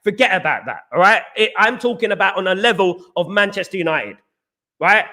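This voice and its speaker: A man's voice: high voice, lively intonation, brisk, bright, forceful tone. A British man hosting a casual live stream, talking emphatically, repeating himself and reading viewer comments aloud. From Britain.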